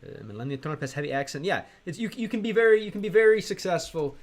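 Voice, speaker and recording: A young American man chatting on a live stream, reading chat aloud and working through halting Russian with lots of fillers. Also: high voice, lively intonation. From United States.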